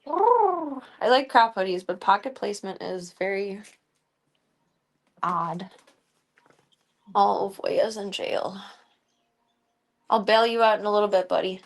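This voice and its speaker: A woman's voice: medium pitch, slow pace, vocal fry, long pauses. A young woman streamer chatting casually at home, rambling and cooing baby talk at her cats. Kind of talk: casual chat while streaming.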